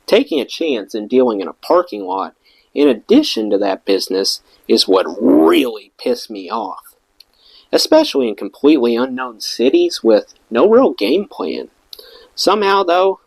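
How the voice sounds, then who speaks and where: A man's voice: mid-range voice, no room sound, rough recording. A man reading a rock memoir aloud as an audiobook, giving the quoted lines their own voices. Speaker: audiobook reader.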